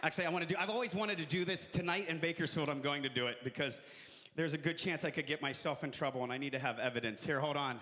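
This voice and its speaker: A man performing live stand-up comedy, telling animated stories and jumping into shouted character voices. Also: a little high, fast talker, a faint crowd. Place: live venue with audience. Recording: echoey live hall.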